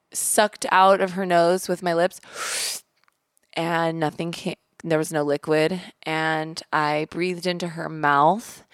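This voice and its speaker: Animated woman telling a story, dry sound. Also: low voice, no room sound. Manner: animated storyteller acting out quoted voices, spiritual vocabulary. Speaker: podcast guest. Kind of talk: casual storytelling interview.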